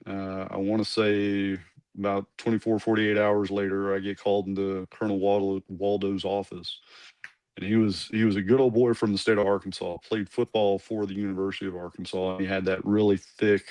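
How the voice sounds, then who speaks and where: A man's voice: fairly low pitch, level tone, normal speed, a little mellow, no echo. A man, a former Army commander, telling his story in a casual interview, rambling with asides and restarts.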